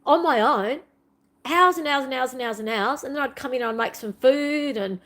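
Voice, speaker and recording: A woman's voice: high voice, moderate pace, a bit bright. A middle-aged woman giving an earnest, repetitive, confessional monologue in a spiritual vlog, pouring out her feelings. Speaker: spiritual vlogger.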